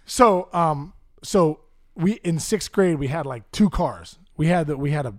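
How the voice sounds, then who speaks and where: A middle-aged man from Pittsburgh, a podcast guest telling a comic story in an animated way with lots of laughs. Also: fairly high pitch, unhurried, dry recording. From Pittsburgh area, US. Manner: animated, laughs often, acts out voices of people in his stories.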